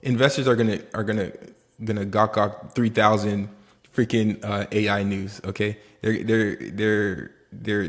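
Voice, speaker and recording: A man with a Haitian accent casually recapping his options trades in a rambling, animated way, quoting himself and swearing now and then. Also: fairly low pitch, creaky. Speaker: options day trader vlogger. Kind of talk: casual trading recap vlog.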